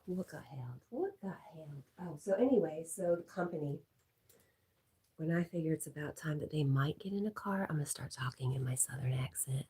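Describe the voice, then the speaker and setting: A congested woman hosting a casual livestream, chatting and reading viewer comments aloud, often dropping to a soft whisper. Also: low-pitched, fairly quick, husky. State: congested from allergies. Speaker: livestream host.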